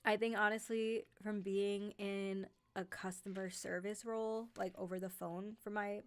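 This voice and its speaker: A woman's voice: mid-range voice, little pitch movement, unhurried, clear, resonant tone. Chatty woman with a light New York accent. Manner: chatty, many fillers like "like" and "um". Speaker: host of a horror narration channel. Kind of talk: casual livestream chat with viewers.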